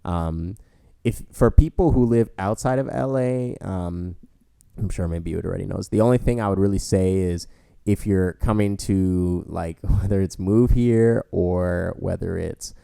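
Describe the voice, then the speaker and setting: A man's voice: deep voice, a little slow, gravelly, warm tone, smooth, no room sound, clean studio sound. A young man co-hosting a podcast, telling stories in a rambling casual way with many fillers. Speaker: podcast co-host. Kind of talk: casual storytelling chat.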